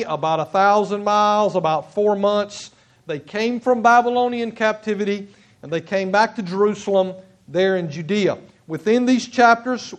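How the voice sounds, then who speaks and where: High-voiced man preaching a sermon. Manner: halting, with frequent restarts and repeated emphasis. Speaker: pastor. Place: church sanctuary.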